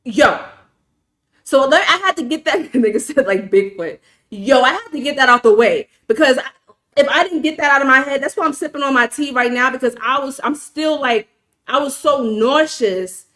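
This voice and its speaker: A woman with a New York accent hosts a casual livestream, swearing freely and stressing her words as she tells a story. Her voice sits a little high for a woman, and she keeps turning aside to answer her chat. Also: moderate pace. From New York City. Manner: animated, profane, emphatic, talks to chat. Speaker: livestream host.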